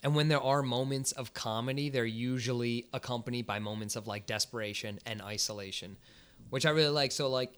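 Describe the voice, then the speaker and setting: A man's voice: medium pitch, fairly quick, a bit bright, clear, resonant tone. A man co-hosting a podcast, talking through a film in a thoughtful, analytical way while searching for the right words. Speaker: podcast co-host. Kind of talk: casual movie review chat.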